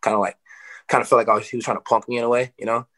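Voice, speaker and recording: Man, fighter, fast talker, bright forceful tone, casual interview, animated, swearing. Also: mid-range voice. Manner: animated, swearing, lots of "you know".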